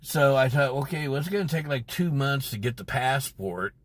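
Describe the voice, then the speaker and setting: A man's voice: mid-range voice, lively intonation, normal speed, dry recording. A man telling a rambling, profane story on a casual livestream from inside his car. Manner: profane, rambling and irritated, heavy swearing. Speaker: livestream host.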